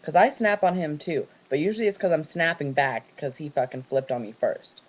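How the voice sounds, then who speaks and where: A young man from California vents in a personal vlog, his voice fairly high and a little fast on a muffled recording. He rants with heavy swearing and long run-on stories.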